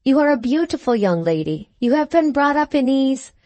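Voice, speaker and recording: A woman voicing an earnest foreign male musician who speaks gently but gravely in a storybook reading. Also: high-pitched, very animated, normal speed, no room sound, pitched above the performer's own voice. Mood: solemn emphatic.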